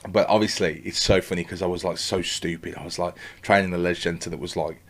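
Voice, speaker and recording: Fast-talking man telling a story. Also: sits low. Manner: animated storytelling, acts out his own past thoughts, swears freely. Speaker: podcast guest. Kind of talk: casual podcast interview.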